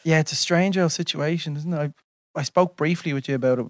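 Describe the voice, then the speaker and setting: A man hosting a casual podcast, enthusiastic and quick to swear and laugh. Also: fairly high pitch, no room sound, clean studio sound. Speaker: podcast host and impressionist.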